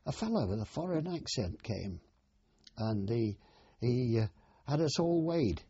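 An older man, a war veteran, telling his memories in a plain, unhurried oral history interview. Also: medium pitch, big pitch swings, dark tone, husky. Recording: dull, dry archive interview recording.

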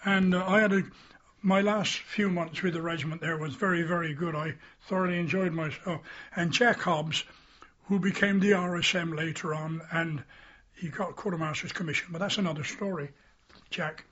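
Older man with a husky voice, reminiscing. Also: on the high side, fairly bright tone. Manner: rambling storyteller, acts out quoted voices, chuckles. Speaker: interviewee recalling his army boyhood. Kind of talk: oral history reminiscence. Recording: dull lo-fi recording.

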